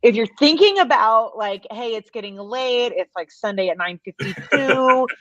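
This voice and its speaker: A woman's voice: fairly high pitch, expressive, normal speed, a bit bright, no room sound. A woman hosting a casual live show, tossing playful teasing asides to the audience. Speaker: host. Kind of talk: casual chat. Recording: dry, slightly dull livestream audio.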